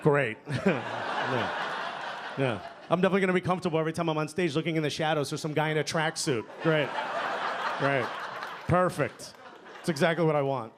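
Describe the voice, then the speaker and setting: On a comedy club stage, a man with a fairly high voice performs stand-up at a brisk clip with long pauses, speaking conversationally and often ending lines with "okay?" or "you know?". It's a live club recording, full of loud crowd laughter and noise.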